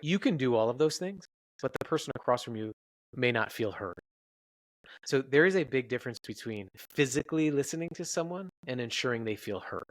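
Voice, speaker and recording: A man's voice: mid-range voice, expressive, brisk, no room sound, poor audio. A man, a researcher guest on a podcast interview, explaining his work in an earnest, explanatory way.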